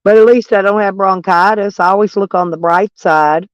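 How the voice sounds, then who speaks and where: A man's voice: high voice, steady tone, moderate pace, clear, resonant tone, no echo, dull audio. Stuffy-nosed man chatting from his van. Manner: rambling, plainspoken, chatty. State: stuffy nose. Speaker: van life vlogger. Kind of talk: casual live chat with viewers. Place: in a van, door open.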